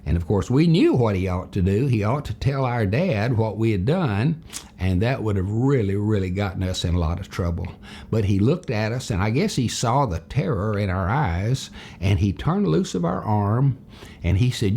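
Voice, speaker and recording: An older man from Tennessee, husky voice, telling a childhood story as a character lesson in a folksy, animated way. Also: lowish voice, normal speed. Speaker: storyteller teacher.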